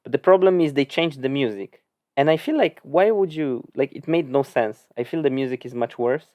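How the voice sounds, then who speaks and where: A man's voice: medium pitch, fairly quick, darkish tone, no room sound. A man co-hosting a casual podcast, chatting loosely with many "like"s and restarts. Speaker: podcast co-host. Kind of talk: casual chat.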